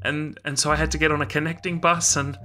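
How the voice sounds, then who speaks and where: Man playing a frazzled young office worker, pitched way up, stammering, bright and loud. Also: level tone, fast, faint music behind. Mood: exasperated. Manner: stammering, breathless and apologetic. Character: flustered, frantic young businessman running late.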